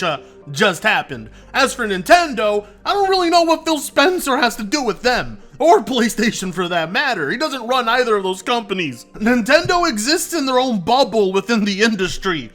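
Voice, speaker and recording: A man's voice: sits high, pushed and bright. A man doing sarcastic, mocking reaction commentary on a video clip. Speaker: commentary YouTuber.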